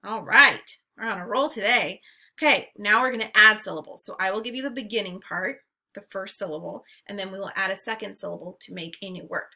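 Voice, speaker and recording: A woman teacher leading a phonics drill for young children, modeling each word slowly and clearly for them to repeat. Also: medium pitch, bright, forceful tone.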